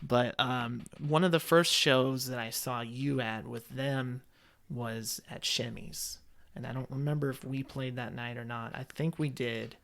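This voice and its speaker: A man's voice: mid-range voice, steady tone, unhurried, vocal fry, a bit bright. A man in his thirties hosting a podcast, chatting casually and filling his speech with "like". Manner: easygoing, chatty, uses "like" a lot. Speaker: podcast host. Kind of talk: casual interview chat.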